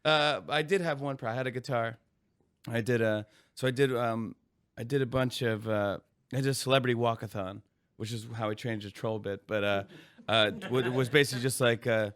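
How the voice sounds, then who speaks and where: A male comedian guest telling stories casually, animated and laughing, acting out quotes. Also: mid-range voice, a little fast, clear, resonant tone, no echo, clean studio sound. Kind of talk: casual storytelling.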